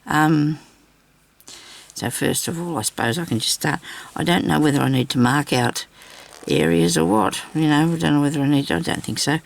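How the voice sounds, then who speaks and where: A woman's voice: deep voice, moderate pace, vocal fry. A woman vlogging a crafting demonstration, rambling and chatty as she talks straight to her viewers.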